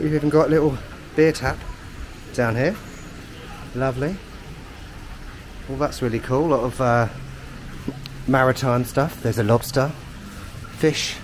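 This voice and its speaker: A man's voice: fairly high pitch, background noise. A man in his thirties from London with a London accent, chatting casually and cheekily to camera on trains, streets and in a chip shop. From London, England. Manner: chatty, cheeky, self-mocking. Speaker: travel vlogger. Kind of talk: casual vlog commentary.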